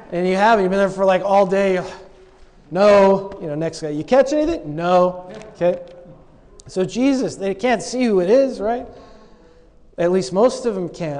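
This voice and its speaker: A high-voiced man preaching, retelling a scripture scene with playful asides and little acted-out voices. His words ring with the long reverb of a big hall. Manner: animated storytelling, acts out quoted lines with humor. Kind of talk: sermon.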